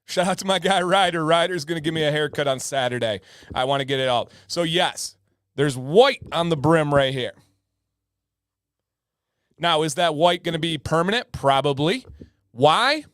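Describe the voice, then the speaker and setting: A man's voice: on the high side, moderate pace, a bit bright, no echo, studio quality. Chatty joking man hosting a livestream. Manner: chatty, joking, greets viewers by name. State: slightly sore throat. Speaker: livestream host. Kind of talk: casual livestream chat.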